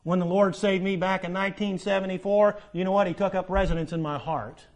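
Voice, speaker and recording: Older guy preaching, high voice, repeats words for emphasis, loud then hushed. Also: steady tone, a little fast. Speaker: pastor. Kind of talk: sermon.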